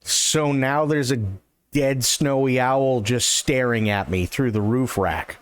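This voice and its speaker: Excitable man telling a story on stream. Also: medium pitch, slow, clear, resonant tone. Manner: animated and excitable, swears often. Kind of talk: casual storytelling.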